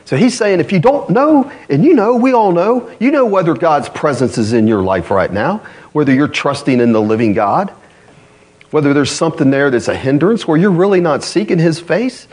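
Male preacher, sermon delivery, lively swooping pitch, slightly high voice, emphatic calls, asks the congregation questions. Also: moderate pace. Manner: animated preaching, rising to emphatic high calls and dropping low for scripture. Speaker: pastor.

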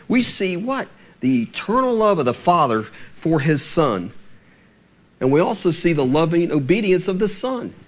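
A man preaching a sermon, asking the congregation rhetorical questions and slowing down to read scripture aloud. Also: fairly high pitch. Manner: animated, asks rhetorical questions, slows for scripture.

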